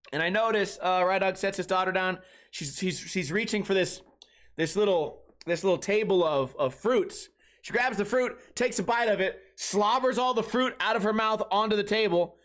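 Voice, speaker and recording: A man hosting a comedy podcast, telling rambling, profane stories in a casual, animated way. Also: high voice, normal speed. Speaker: podcast host.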